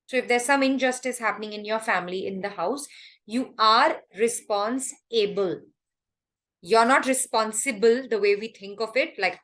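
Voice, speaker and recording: Animated woman teaching a workshop. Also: fairly high pitch. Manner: animated, joking, acts out quoted voices. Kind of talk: motivational talk to a live audience.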